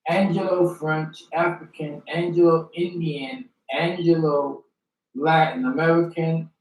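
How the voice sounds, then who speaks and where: A man reading a long list of dictionary terms one by one, slow and deliberate. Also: on the high side, fairly even intonation. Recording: roomy sound from a distance.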